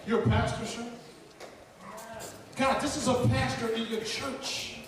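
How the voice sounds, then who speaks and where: High-voiced man preaching in an echoey hall. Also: steady tone, background noise. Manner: fervent and shouting, pausing for translation. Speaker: guest preacher. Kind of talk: preaching with an interpreter. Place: large church hall. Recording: echoey hall, far from the mic, crowd behind.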